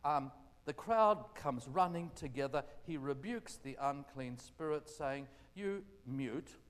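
A man preaching a gentle, conversational sermon full of rhetorical questions. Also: fairly high pitch, expressive, slow pace. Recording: echoey hall reverb.

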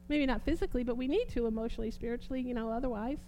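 A woman preaching a sermon, fervent, repeating phrases and swinging between soft and emphatic delivery. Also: fairly high pitch, very fast, slight background noise.

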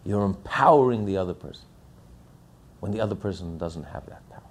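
A man's voice: low voice, lively intonation, brisk, a little hiss or hum. A man giving a sermon as a rabbi, emphatic and repetitive, firing rhetorical questions. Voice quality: gravelly, husky.

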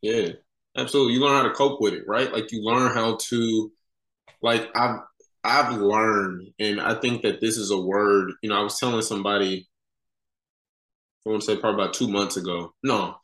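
Podcast guest, man in his thirties, laid-back slangy storyteller, low voice. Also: fairly even intonation, moderate pace, fairly bright tone. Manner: casual slangy talk, many "you know" fillers. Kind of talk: candid conversational storytelling. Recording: roomy echo.

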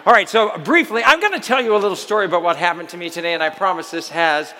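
A man's voice: sits high, fast talker, big-room sound, a little hiss or hum. A man emceeing an event, telling a funny story to the crowd and acting out the people in it. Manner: animated, acts out the people in his story.

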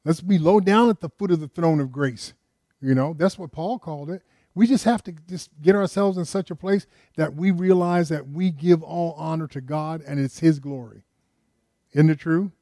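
Older man, pastor preaching, emphatic, questioning the congregation, fairly high voice, dry close recording. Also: a little mellow, no room sound. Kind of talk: sermon.

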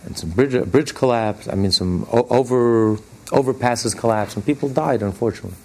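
A male rabbi teaching a class, speaking at an ordinary middle pitch. He tells stories plainly and conversationally, and he drives his points home by repeating them with emphasis. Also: brisk, darkish tone, slight background noise. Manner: emphatic, repeats key phrases, rising on points; plainspoken, conversational storyteller with restarts. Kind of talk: spoken religious lesson with storytelling.

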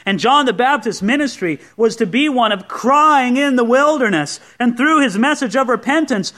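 A man's voice: very high-pitched, bright, forceful tone. A man preaching a sermon, teaching through a Bible passage verse by verse with conversational asides to the congregation. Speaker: pastor.

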